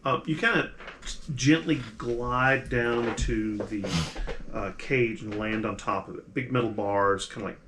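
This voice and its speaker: A man running a tabletop role-playing game, describing scenes casually and rambling through plenty of ums and you-knows. His voice sits at an ordinary pitch but has a bright, forceful edge. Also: measured pace, slight background noise. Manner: casual, rambling with many fillers. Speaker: game master.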